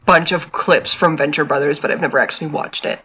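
A woman's voice: low voice, steady tone, fairly quick, sharp tone, husky. A woman, co-hosting a podcast, giving dry short replies and reading the show's outro plugs. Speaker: podcast co-host. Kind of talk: casual chat and show sign-off.

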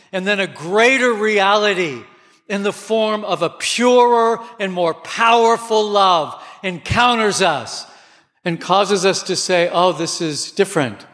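A man preaching a sermon with passion, his voice climbing to near shouts at times. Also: sits high. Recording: long hall reverb.

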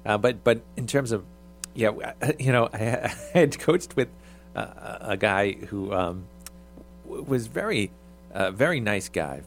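A middle-aged man who coached youth basketball, chatting casually and haltingly with many restarts. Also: on the low side, animated, a little hiss or hum. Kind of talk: casual podcast chat.

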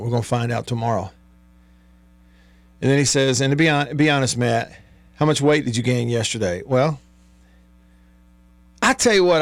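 A man's voice: mid-range voice, no room sound. A man hosting a casual sports talk radio show, chatty and easygoing, often laughing as he reads listener texts in a studio. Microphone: studio microphone.

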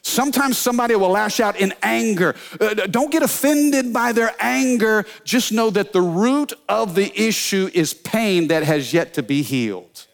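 Man, pastor, high voice, energetic sermon, call-and-response, humorous stories. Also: normal speed, creaky, hardly any pauses. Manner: storytelling with humor.

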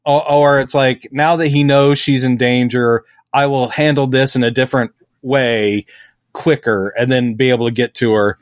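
A middle-aged man co-hosting a podcast in casual chat, animated and putting on silly voices when quoting. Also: mid-range voice, moderate pace, no room sound, studio quality. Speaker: podcast co-host.

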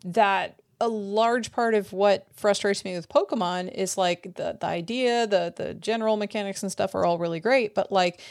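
A woman's voice: mid-range voice, normal speed, few pauses, darkish tone, no echo. Chatty woman podcaster, dry close sound. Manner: rambling, many "like" fillers. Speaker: podcast co-host. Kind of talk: casual chat.

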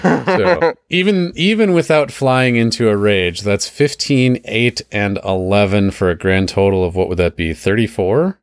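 A man narrating as game master of a tabletop game, talking in a relaxed, rambling way with many fillers. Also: on the low side, a little slow, clear, resonant tone, no echo, clean studio sound.

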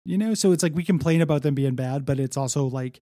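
Male podcast co-host, gravelly, relaxed, rambling delivery, dry close sound. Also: fairly high pitch, quick pace, no room sound. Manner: laid-back, rambling with many fillers. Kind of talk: casual comic book discussion.

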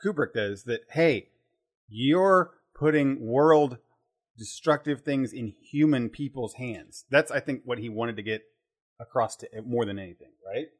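A man's voice: medium pitch, unhurried. A man in casual podcast conversation about a film, rambling and restarting as he thinks aloud.

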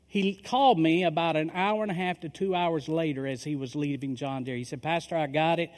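Storytelling pastor in a reverberant hall. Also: male voice, on the high side, brisk. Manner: animated storyteller acting out quoted dialogue. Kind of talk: sermon storytelling. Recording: long reverb of a large hall.

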